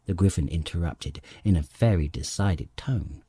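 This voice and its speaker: A man narrates a children's classic in a slow, measured way. His voice is mellow and slightly husky, and his lively pitch rises and falls. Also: no echo. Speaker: audiobook narrator. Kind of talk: scripted narration.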